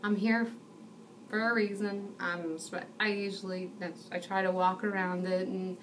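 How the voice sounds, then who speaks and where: A woman's voice: medium pitch, level tone, measured pace, recorded from a distance, slight background noise. A young woman giving a personal testimony, telling the story in an earnest, self-deprecating way.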